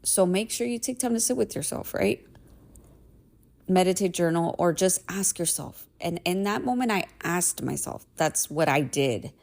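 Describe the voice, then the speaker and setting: Woman podcast host, 30s, low voice with vocal fry, candid casual monologue, swears, keeps checking in with "right?". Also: expressive, normal speed, darkish tone. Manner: candid and emphatic, swears, says "right?" often.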